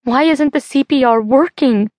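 A woman voicing a panicked teenage girl in an audiobook, with frantic, high-pitched pleading. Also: fairly even intonation, slow pace, no room sound, studio quality. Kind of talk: audiobook character voice.

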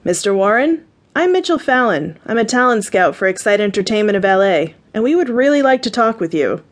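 A smooth, condescending male talent scout , read by a woman narrator, businesslike and polished in delivery. The pitch sits in an ordinary middle range for a storybook reading. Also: big pitch swings, brisk, close to an everyday voice.

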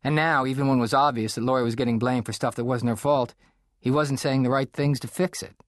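A man narrating a children's audiobook in a measured, expressive storytelling manner, close to the mic. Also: medium pitch, no echo. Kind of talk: scripted narration. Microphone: close studio mic.

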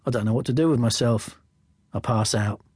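Narrating an audiobook in the first person, this man sounds wry and chatty, his average-pitched voice brisk, darkish and husky. It's recorded close and dry, without echo.

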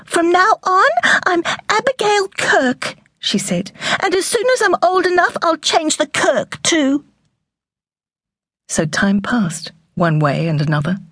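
Woman audiobook narrator, husky, low, lilting, measured storytelling. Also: no room sound, studio quality. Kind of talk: scripted narration. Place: recording studio. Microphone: close studio mic.

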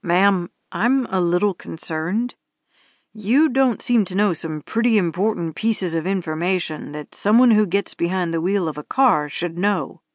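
Woman doing a firm, calm male cop. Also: lowish voice, no echo, studio quality, voice pushed down, close to an everyday voice. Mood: patronizing. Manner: firm, measured, patient. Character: stern tall male police officer, calm and patronizing.

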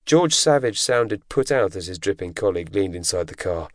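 Low-voiced male audiobook narrator. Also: expressive, dry recording. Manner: measured, dramatic storytelling. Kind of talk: scripted narration. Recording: dry close studio recording.

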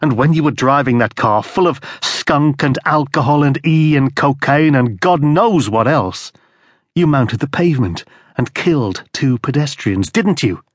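A man voicing a muffled masked captor who speaks slowly and taunts with controlled anger. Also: mid-range voice, expressive, no room sound, studio quality, voice pushed up. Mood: cold anger. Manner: slow, measured and taunting.

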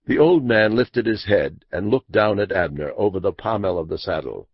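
A man narrating a classic mystery audiobook in a measured, expressive storytelling manner. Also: lowish voice, slightly rough, no room sound. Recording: dull dry lo-fi audiobook recording.

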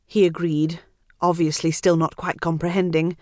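A woman narrating an audiobook in a wry, measured storytelling manner. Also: fairly low pitch, lively intonation, darkish tone, no echo, studio quality. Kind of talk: scripted narration.

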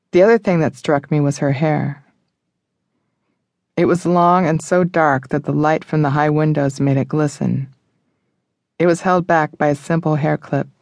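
Gravelly male thriller narrator. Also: on the high side, a little mellow, no echo, clean studio sound. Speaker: audiobook narrator. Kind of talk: first-person thriller narration.

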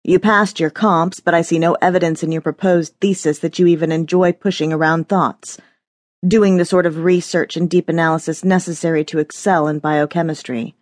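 A smug, patronizing male professor in an audiobook, as a woman narrator puts him on, speaking lower and slower than her usual narration. He lectures with a dismissive, superior air, his voice dry and close. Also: fairly even intonation, dry recording, close to an everyday voice. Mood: lecturing. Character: arrogant condescending male thesis professor.

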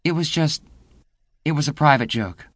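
A man's voice: on the high side, moderate pace, no room sound, pitched above the performer's own voice, lightly acted. A man narrator voicing a cheerful, nervous young man in an audiobook. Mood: eager.

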